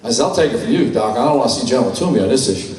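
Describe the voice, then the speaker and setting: A man's voice: medium pitch, animated, very fast, a little mellow, a little hiss or hum. An older man from New York giving a candid, blunt personal testimony at a conference, telling his story with salty language. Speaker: conference speaker. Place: large conference hall. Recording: echoey hall, mic from far off.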